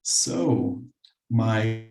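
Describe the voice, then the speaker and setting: A man's voice: lowish voice, very slow, vocal fry, warm tone. A man with an Irish accent, speaking as a guest on an online panel in a friendly, rambling, apologetic way. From Ireland. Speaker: panel guest from a water utility. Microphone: video call. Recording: echoey room on a video call.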